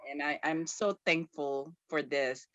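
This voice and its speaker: Woman host, gushing and effusive, halting speech, dry close sound. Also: low-pitched, steady tone, fairly bright tone, no room sound, dull audio. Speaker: interviewer and host. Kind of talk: casual interview chat.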